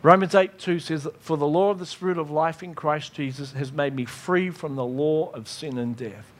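A man preaching a sermon, acting out his own prayers and God's replies in lively dialogue. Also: fairly high pitch, moderate pace. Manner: animated, acts out dialogues with God.

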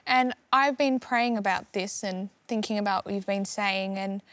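A woman's voice: medium pitch, normal speed, a bit bright, dry recording. A young woman co-hosting a casual Bible discussion with her father, speaking in an encouraging way, as if giving prophecy. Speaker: co-host, daughter of the minister.

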